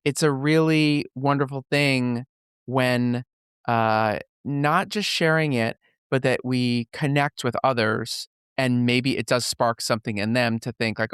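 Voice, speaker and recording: A man hosting an interview show, chatting casually and telling stories with lively, animated delivery. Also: medium pitch, a little slow, clean tone, dry recording, clean studio sound. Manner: lively storyteller, acts out voices. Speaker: podcast host.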